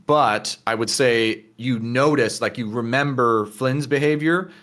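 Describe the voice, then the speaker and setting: A man running a tabletop role-playing game as game master, narrating with lots of fillers and slipping into quick character voices. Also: mid-range voice. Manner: halting, many fillers, lively character voices.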